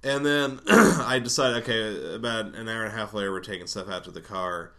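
Deep-voiced man telling a rambling story. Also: fairly quick, pushed and bright. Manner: rambling, swears often, laughs between lines. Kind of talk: casual storytelling.

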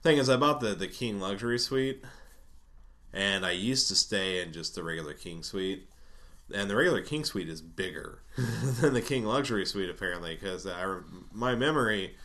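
A man's voice: fairly low pitch, expressive, moderate pace, fairly bright tone. A man casually telling a rambling personal story, swearing often and laughing between lines.

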